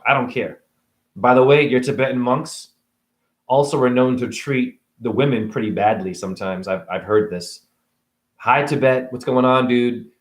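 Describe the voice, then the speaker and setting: A man's voice: mid-range voice, roomy sound. A man ranting to camera about spirituality, sarcastic and profane. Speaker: vlogger.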